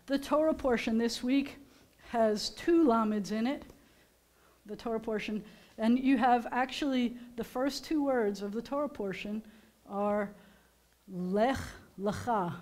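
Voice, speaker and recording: An older American woman, a rabbi, giving a casual, teacherly sermon with gentle jokes to her congregation in a synagogue. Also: a little high. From United States. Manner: chatty, teacherly, gently joking. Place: synagogue sanctuary during a service.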